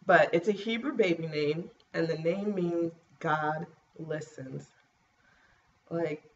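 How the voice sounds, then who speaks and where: A woman vlogging casually to camera, rambling and clearing her scratchy throat. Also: lowish voice, muffled recording. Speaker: pregnancy vlogger.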